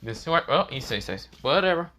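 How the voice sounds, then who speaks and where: A man casually retelling a fan story, halting, with many fillers and self-corrections. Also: mid-range voice, expressive, pushed and bright. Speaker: narrator.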